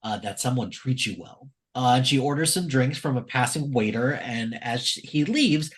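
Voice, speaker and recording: A man's voice: mid-range voice, lively intonation, moderate pace. Chatty male co-host recapping an episode. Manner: chatty, recounts the plot with frequent fillers. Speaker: podcast co-host.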